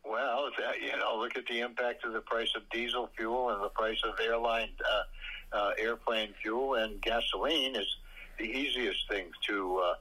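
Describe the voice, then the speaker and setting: A man co-hosting a political talk show, speaking haltingly with many fillers and blunt opinions. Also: medium pitch, fairly even intonation, sharp tone, husky, rough recording. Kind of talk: casual political chat.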